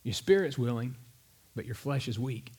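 A man voicing a weary teacher who gently scolds friends for falling asleep. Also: medium pitch, animated, normal speed, breathy edge, pitched below the performer's own voice. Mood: chiding. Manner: chiding, then gently resigned.

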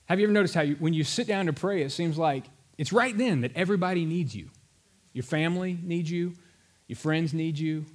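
A man preaching a sermon in a conversational, animated storytelling manner. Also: fairly high pitch, a little fast. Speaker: pastor.

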